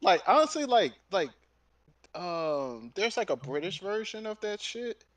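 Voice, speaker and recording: A man streaming and chatting casually, telling rambling, profane stories in an animated way. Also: high voice, a little slow. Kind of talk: casual chat while streaming.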